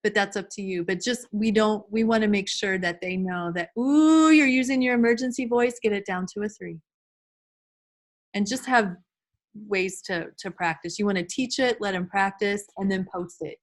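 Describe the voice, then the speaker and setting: A middle-aged woman training teachers over a video call, animated and teacherly, acting out classroom routines. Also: mid-range voice, moderate pace. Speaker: early childhood behavior trainer. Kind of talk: online class presentation. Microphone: computer mic on a video call.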